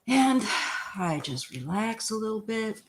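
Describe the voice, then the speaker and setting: A woman's voice: on the high side, big pitch swings, a little slow. Older woman chatting through a tarot reading. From Missouri, US. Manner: rambling, chatty, frequent throat clearing. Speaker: tarot reader. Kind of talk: live-stream tarot reading.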